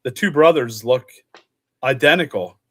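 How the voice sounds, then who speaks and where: A man's voice: medium pitch, a little slow, a bit bright. A man in casual chat, rambling through results and stories from an event he worked as an official. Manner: rambling, chatty, reads out results. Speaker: truck pull official.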